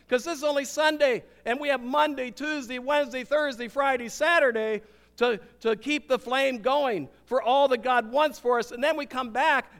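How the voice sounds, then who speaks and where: An older man, a pastor, preaching a sermon with emphatic swings between loud declarations and hushed, intimate moments. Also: very high voice, clean tone. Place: church sanctuary. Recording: long hall reverb.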